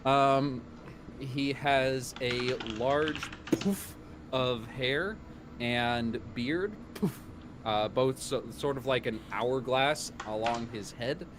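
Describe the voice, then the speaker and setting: Man narrating a tabletop game, slow and easygoing, faint background hiss. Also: medium pitch. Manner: relaxed, descriptive, with fillers. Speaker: game master.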